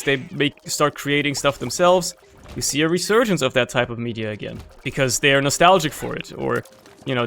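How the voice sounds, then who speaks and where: A man's voice: medium pitch, fairly bright tone, clean tone. A young man who is a native German speaker, rambling through casual gameplay commentary and swearing offhandedly. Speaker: gaming channel host. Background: faint game music.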